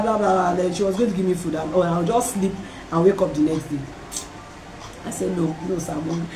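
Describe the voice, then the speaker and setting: A woman hosting a talk, telling a personal story in a lively way and acting out the voices of other people. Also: mid-range voice, a little hiss or hum. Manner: animated, acts out voices in her story, laughs often. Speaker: host. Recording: roomy and distant from the mic.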